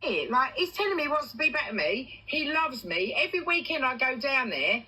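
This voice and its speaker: An English woman chats on her livestream, telling a story in animated bursts and swearing freely. Her voice sits a little high, with a very bright and husky tone. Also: fairly quick, rough recording. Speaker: TikTok livestreamer. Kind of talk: casual livestream chat.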